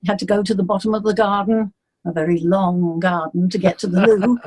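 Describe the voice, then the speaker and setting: An older woman from England, a singer, chatting as a guest and telling childhood stories in a lively, anecdotal way. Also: mid-range voice, brisk, low-quality recording. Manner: chatty, warm anecdotes, laughs easily. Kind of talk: interview.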